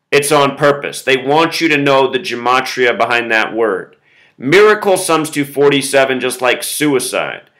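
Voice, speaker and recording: Bright-voiced insistent male video host. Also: medium pitch, low-quality recording. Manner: insistent, explains with numbers, quotes song lyrics. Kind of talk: solo monologue video.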